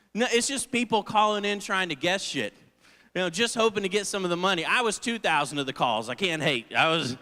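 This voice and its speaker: High bright-voiced man doing stand-up. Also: clear, resonant tone. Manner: loose, swearing, acts out voices in his stories. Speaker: stand-up comedian. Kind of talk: stand-up comedy set. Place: large theater stage. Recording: live theater with long reverb.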